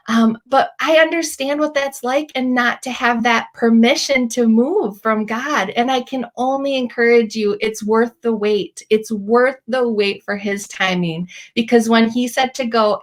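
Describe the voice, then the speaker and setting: A woman in her thirties hosting a Christian talk, telling personal stories in a chatty, animated way with many fillers. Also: fairly high pitch. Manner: chatty, animated storytelling with many likes and ums. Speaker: Christian podcast host. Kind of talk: faith-based encouragement talk.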